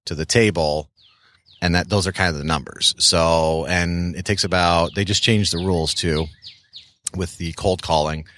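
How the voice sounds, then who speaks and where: Very deep-voiced male podcast guest. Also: fairly even intonation, a bit bright. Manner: advice-giving, slips into quick mimicked voices. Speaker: podcast guest, real estate wholesaler. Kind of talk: casual interview chat.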